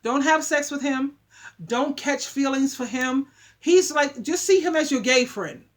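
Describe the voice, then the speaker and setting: Emphatic, high-voiced woman giving advice. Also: unhurried. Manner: emphatic, preachy, repeats points for emphasis. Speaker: relationship advice vlogger. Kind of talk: casual opinionated monologue.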